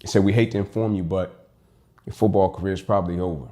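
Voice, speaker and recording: A man's voice: deep voice, steady tone, fast, warm tone. A young man giving a personal storytelling speech, emphatic, acting out the dialogue he quotes. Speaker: motivational speaker.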